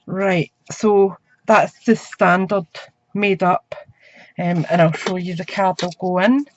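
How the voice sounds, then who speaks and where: A woman talks through a craft project at her home desk at an unhurried pace. Her chat is easy and running, as if she is working with her hands the whole time. The sound is a bit dull and muffled, like a home camera recording. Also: fairly low pitch, fairly even intonation. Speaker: craft demonstrator. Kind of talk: crafting tutorial. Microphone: camera mic.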